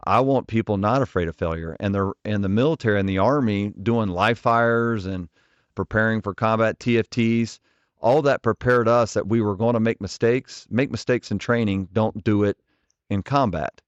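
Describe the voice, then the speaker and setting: Man, 40s, ministry leader guest, earnest and direct, low voice, dry dull podcast sound. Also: moderate pace, no echo. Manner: earnest, direct, frequent restarts. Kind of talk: conversational interview storytelling.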